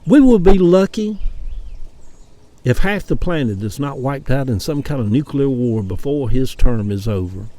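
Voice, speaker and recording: A vlogger from Atlanta with a Southern US accent delivers a casual, chatty personal monologue full of opinions and wry rants. His voice is medium-pitched with a dark tone.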